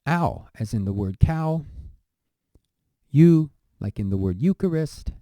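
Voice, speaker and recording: Slow dark-voiced man teaching. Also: medium pitch, no room sound, studio quality. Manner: slow, hesitant, with fillers and self-corrections. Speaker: language teacher. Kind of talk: lesson on pronunciation.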